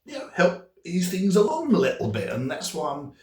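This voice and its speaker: A man's voice: high-pitched, wildly swooping pitch, normal speed, darkish tone. Rambling, self-deprecating man. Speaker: speaker. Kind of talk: comic storytelling talk. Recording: distant, echoey room.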